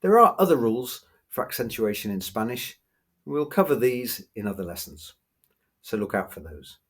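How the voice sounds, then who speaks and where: A man teaching a grammar lesson, patiently explaining rules and slowly repeating example words. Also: mid-range voice, sing-song, a bit bright.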